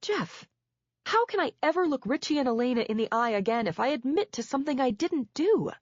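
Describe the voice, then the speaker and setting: A woman's voice: high voice, big pitch swings, fairly quick, dry recording, muffled recording, pitched above the performer's own voice. A woman voicing a desperate wife who refuses to give in, speaking in a strained, raised voice. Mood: defiant. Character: desperate wife standing firm on principle.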